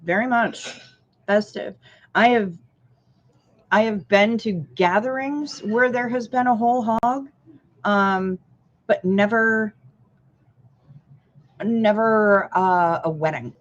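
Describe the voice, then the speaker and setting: A woman chats slowly on a livestream from a diner booth, dry and joking, sometimes with food in her mouth. The sound is dull and lo-fi. She takes her time between words. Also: medium pitch. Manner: slow, dry and joking, chewing food while talking. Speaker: livestream co-host. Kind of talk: casual chat.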